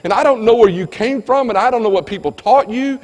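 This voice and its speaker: A man giving a motivational keynote speech, emphatic and dramatic, dropping from loud punchy lines to hushed ones. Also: extremely high pitch, brisk. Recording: long hall reverb.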